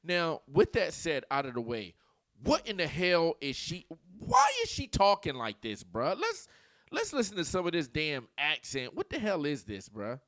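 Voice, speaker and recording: A man giving animated, mocking reaction commentary straight to his viewers. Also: on the high side, moderate pace, no room sound. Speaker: commentary vlogger.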